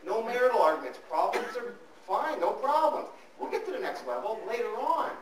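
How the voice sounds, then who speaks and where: A man with a high voice gives a financial seminar, joking with the audience and hammering home his points. He is heard from a distance in an echoing hall. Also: big pitch swings, brisk, noisy background. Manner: joking, teasing, emphatic. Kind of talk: live seminar talk with audience banter.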